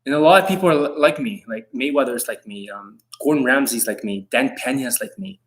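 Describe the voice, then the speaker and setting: A man's voice: mid-range voice, a little fast, a bit bright. A middle-aged man, a dating coach, talking on a live stream in an intense, rambling, profane way that can come across as angry.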